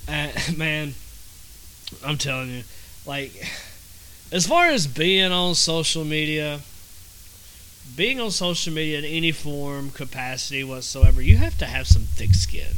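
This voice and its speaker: A man from the Southern United States, with a Southern American accent, hosts a podcast in a casual, rambling monologue, repeating himself and using many fillers. His voice is on the high side and a bit bright, and the audio is poor with slight background noise.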